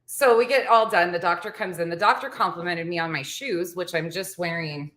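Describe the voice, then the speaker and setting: A woman in her forties, with a fairly low, fairly bright voice and a slightly fast pace, tells a story to the camera in a chatty, casual vlog. She laughs often along the way, and the room sounds echoey.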